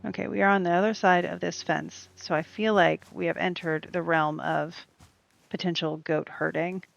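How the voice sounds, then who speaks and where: A woman's voice: fairly low pitch, fairly even intonation, moderate pace, creaky. A woman streaming a cozy game, chatting in a rambling, casual way and talking back to the characters on screen. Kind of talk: casual gameplay chat. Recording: dull lo-fi stream audio with faint game music.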